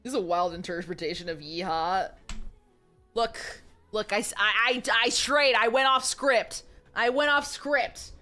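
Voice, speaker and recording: A woman's voice: medium pitch, a little slow, sharp tone, soft background music. A young woman streamer chatting casually and reading a romance novel aloud, with giggly, self-mocking asides.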